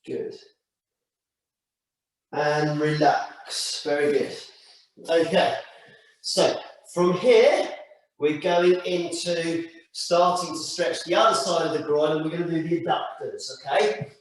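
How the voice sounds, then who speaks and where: A man with a slightly higher voice guides a stretching session in slow, calm step-by-step cues. He sounds a little distant from the mic. Strong echo fills the room around him. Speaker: stretching instructor. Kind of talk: guided exercise class. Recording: echoey room, mic far off.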